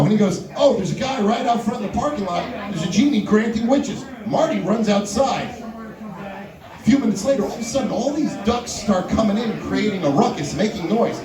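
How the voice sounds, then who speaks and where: Young male stand-up, high and bouncy voice, teasing the crowd; far from the mic in an echoey club with an audible audience. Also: lively intonation, a little fast, music in the background. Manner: playful, banters with audience members by name. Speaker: stand-up comedian. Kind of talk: stand-up comedy set. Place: live comedy venue with audience.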